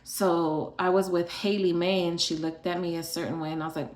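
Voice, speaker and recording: A woman's voice: lowish voice, flat delivery, a little fast, few pauses, roomy sound. A woman from Arizona telling her own story in a casual, chatty way, full of fillers and the odd sigh. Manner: chatty, filler-heavy, sighs between thoughts. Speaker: vlogger sharing her illness story.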